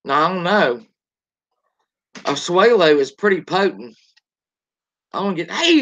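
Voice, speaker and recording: A woman's voice: on the low side, sing-song, unhurried, long pauses. A woman hosting a casual gossip livestream, rambling and greeting viewers as she tells the story. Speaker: show host. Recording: lo-fi dull sound.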